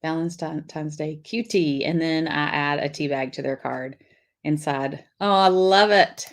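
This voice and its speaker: A middle-aged woman chats her way through a live craft lesson. Her voice sits a little low, and she talks loosely and warmly to viewers while she draws, picking up their comments as she goes. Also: steady tone, unhurried. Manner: chatty, reads viewer comments aloud while drawing. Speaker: lettering class host.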